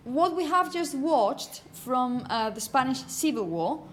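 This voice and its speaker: A woman teaching phonetics to a class, saying example words slowly and often asking "okay?". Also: high voice, lively intonation, a little hiss or hum. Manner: repeats words slowly to model pronunciation; asks "okay?" often to check understanding. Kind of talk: classroom lecture.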